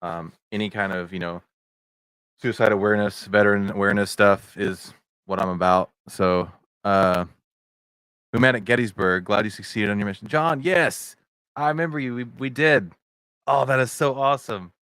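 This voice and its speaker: A middle-aged podcast host runs a casual livestream over a video chat setup, rambling with lots of fillers and greeting viewers in the chat. His voice is on the low side, bright, clear and resonant, with fairly even intonation at a moderate pace and no room sound.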